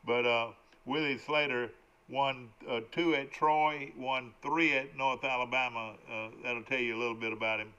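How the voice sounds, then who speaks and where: An older man hosts a morning sports talk show, his voice bright and clear. He rambles and restarts his sentences often. The broadcast audio is dull and lo-fi. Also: medium pitch, steady tone, moderate pace. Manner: rambling, full of hesitations and restarts.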